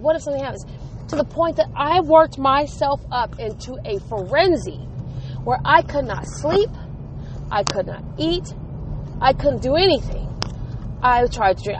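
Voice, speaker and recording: Woman, 40s, high pitch, earnest emotional storyteller, faint noise behind. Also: low-quality recording. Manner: earnest, emotional, animated retelling with quoted dialogue. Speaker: mother telling a personal story. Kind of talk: personal storytelling.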